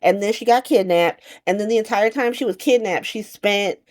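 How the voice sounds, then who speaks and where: A woman giving a casual, slangy recap to camera, animated and profane, often laughing and slipping into quick playful voices. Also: medium pitch. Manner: does quick playful voices for quoted characters. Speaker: soap opera recap vlogger.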